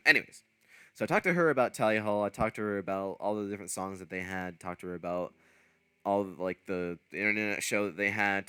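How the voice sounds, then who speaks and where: A streamer with a deep, bright voice and a forceful tone tells a long, rambling story in a smooth delivery, recorded with no room sound. He casually piles on fillers and restarts, correcting himself and laughing at his own tale.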